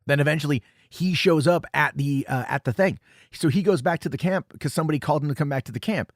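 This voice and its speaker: A man's voice: mid-range voice, animated, fast, dry recording, studio quality. A man hosting a film commentary podcast, recapping the plot in a loose, rambling way with many fillers and self-corrections. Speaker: podcast host reviewing a film.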